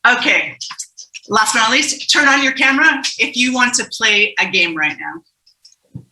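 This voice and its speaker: Very bright-voiced woman hosting a zoom game, playful, laughs a lot, echoey room. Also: fairly high pitch, big pitch swings, unhurried. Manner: playful, laughs often, calls on people by name. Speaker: facilitator leading a warm-up game. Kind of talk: upbeat group facilitation on a video call. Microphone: video call.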